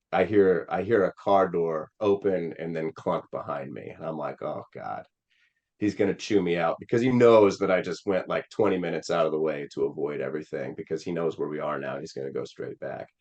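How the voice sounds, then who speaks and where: Speaking briskly in a low, darkish voice over lo-fi sound, a Missouri man running for the Senate tells a personal story as a podcast guest. His interview manner is earnest and rambling, full of fillers.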